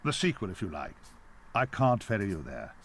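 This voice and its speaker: A man's voice: lowish voice, big pitch swings, moderate pace, a bit bright, heavily acted. An actor playing a dry, sardonic ferryman of souls in a video game.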